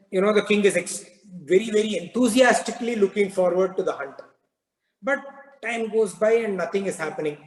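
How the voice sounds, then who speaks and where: Brief: man, spiritual teacher, high voice, storytelling discourse, reverberant hall. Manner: explanatory, storytelling, phrases trail off softly. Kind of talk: satsang discourse and parable telling. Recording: echoey hall with long reverb.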